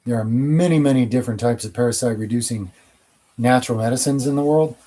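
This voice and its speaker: A man's voice: medium pitch, fast talker, dark tone. A man hosting his channel, answering viewer questions in a casual, rambling monologue with blunt opinions.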